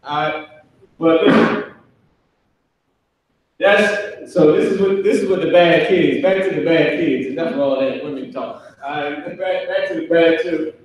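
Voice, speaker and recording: A man's voice: a little high, unhurried, far from the mic. A man teaching a live online Hebrew class in a classroom, loose and joking, slangy, acting out voices for laughs. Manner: loose, jokey, slangy, acts out kids' voices. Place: classroom with a whiteboard. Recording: echoey room, speaker away from mic.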